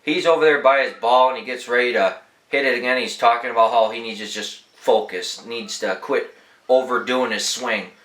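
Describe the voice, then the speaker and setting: A man's voice: mid-range voice, moderate pace, fairly bright tone, roomy sound, low-quality recording. A young man hosting a podcast, telling laid-back, profanity-laced stories in a rambling, casual way. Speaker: podcast host. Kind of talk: casual storytelling.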